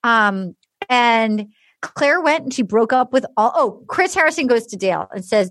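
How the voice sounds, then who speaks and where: A woman with a high voice hosts a podcast and recaps in casual, animated chat. She acts out other people's lines as she goes and fills her talk with "like." The sound is close and dry. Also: normal speed, no room sound. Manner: animated storytelling, acting out quotes, heavy use of "like". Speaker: podcast host.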